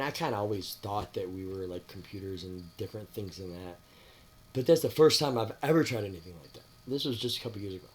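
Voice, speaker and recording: A man talking to his viewers in a rambling, preachy monologue. He asks them rhetorical questions and swings between loud outbursts and quiet mutters. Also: mid-range voice, husky. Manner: addresses listeners with rhetorical questions. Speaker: spiritual vlogger. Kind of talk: casual spoken monologue to viewers.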